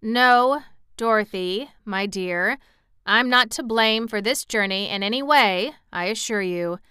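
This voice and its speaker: A woman's voice: on the high side, measured pace, sharp tone, clean tone, no room sound, studio quality. A woman reading aloud and voicing a shaggy, good-humoured wandering man in a storybook, wry and reassuring.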